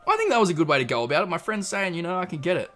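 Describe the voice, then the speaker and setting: A man's voice: high voice, big pitch swings, very fast, a bit bright, soft background music. An Australian man hosting a livestream in casual chat, laid-back and swearing freely as he reads out chat messages. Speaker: livestream host.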